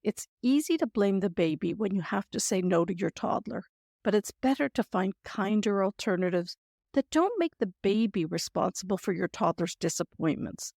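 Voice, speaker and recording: A woman hosting a parenting podcast, giving gentle, reassuring advice and sample phrasings in a scripted talk. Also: mid-range voice, expressive, moderate pace, creaky, no room sound, clean studio sound.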